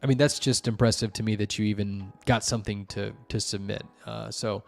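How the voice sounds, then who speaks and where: A man's voice: lowish voice, fairly even intonation, brisk, vocal fry, darkish tone, soft background music. A man hosting a show, reviewing wiki articles in casual, rambling commentary full of fillers and restarts. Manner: rambling, many fillers and restarts, explains at length.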